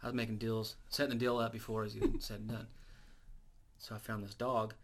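A man co-hosts a casual podcast, spinning a long profane story at a quick clip. He talks in loose run-on bursts, laughs partway through, and a faint background hiss sits under the voice. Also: on the low side, flat delivery. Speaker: podcast co-host.

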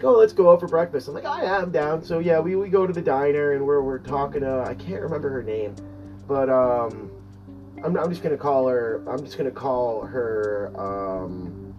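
A man's voice: mid-range voice, a little mellow. A young man from Massachusetts, hosting a podcast and telling a story in a casual, rambling way with many fillers and swearing, livening up when he quotes people. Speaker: podcast host. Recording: distant mic, dull lo-fi sound, faint music behind.

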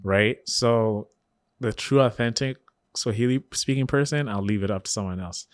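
A man's voice: on the low side, moderate pace, no room sound, clean studio sound. A man from Kenya, co-hosting a podcast in casual chat, emphatic and laughing often. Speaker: podcast co-host.

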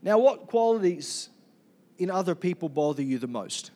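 A high-voiced male pastor delivering a sermon with loud, energetic drive. He keeps prompting the congregation to say key words back to him. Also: normal speed.

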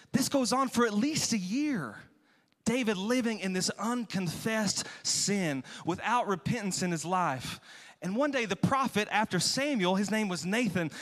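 A man's voice: high voice, expressive, normal speed, fairly bright tone. A male pastor preaching a sermon, retelling a Bible story dramatically and acting out the quotes.

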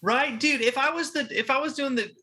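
A man co-hosting a casual sports podcast, playful and quick to laugh. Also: very high voice, sharp tone. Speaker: podcast co-host.

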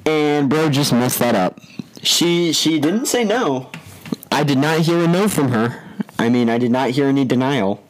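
A man's voice: mid-range voice, lively intonation, a little slow, rough recording. Joking young man reviewing a cartoon. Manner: joking, rambling. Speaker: podcast host. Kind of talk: episode review commentary.

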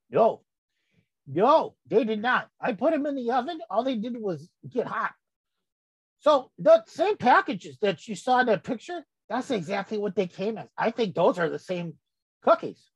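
A woman's voice: fairly high pitch, slightly rough, no echo, highs cut off, exaggerated voice. A woman voicing a cranky, rambling old grandfather who gets sidetracked in a folksy comic monologue. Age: older. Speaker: comedy character host.

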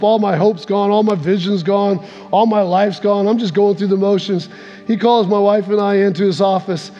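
High-voiced preacher in an echoey hall. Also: male voice, dark tone, muffled recording. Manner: storytelling, acts out quotes with big swings in pitch. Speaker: pastor. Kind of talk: sermon. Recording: echoey hall with faint music.

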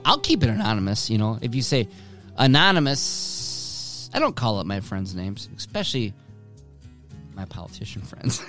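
Swearing podcast dude rambling at home, voice bounces all over, music going behind him. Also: male voice, on the low side, a bit bright. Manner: profane, rambling, joking with himself. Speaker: podcast host. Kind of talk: casual solo podcast rambling. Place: his home.

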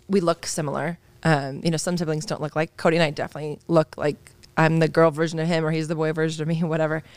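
A woman's voice: deep voice, creaky, smooth, no room sound. A woman in her thirties, a psychologist guest on a podcast, talking earnestly and openly in a candid interview. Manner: earnest, open and reflective, with soft laughs.

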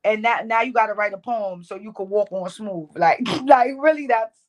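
Here the young New York-accented poet from the Bronx talks at a normal speed and medium pitch. As an interview guest she is casual and slangy, spinning lively stories with plenty of fillers.

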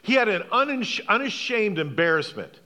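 A man's voice: sits high, sing-song, moderate pace, sharp tone, big-room sound. A man, a pastor, preaching a sermon, emphatic, asking the congregation questions and repeating key phrases.

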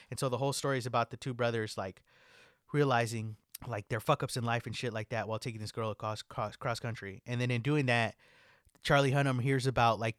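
A man's voice: mid-range voice, fairly bright tone, no room sound. A young man chatting casually as a podcast co-host, laid-back, swearing a lot and saying "like" constantly. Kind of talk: casual chat. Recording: dry close mic.

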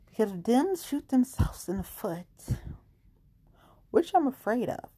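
A woman's voice: fairly high pitch, very animated, unhurried, dark tone, breathy edge. A woman ranting about politics in casual talk, angry and sarcastic, swearing often.

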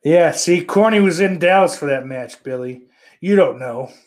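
A man's voice: fairly high pitch, normal speed. A man hosting a casual live stream, reading viewer comments and answering them in a crude, sarcastic, rambling way with lots of swearing. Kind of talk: casual profane chat.

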